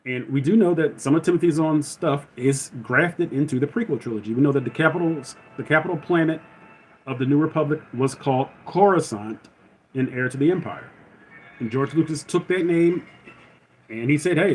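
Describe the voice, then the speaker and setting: A man's voice: fairly high pitch, moderate pace, a little hiss or hum, poor audio. A man hosting a live stream, chatting in a loose, rambling way and often correcting himself. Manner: rambling, self-correcting, conversational. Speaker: livestream host. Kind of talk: casual live-stream chat.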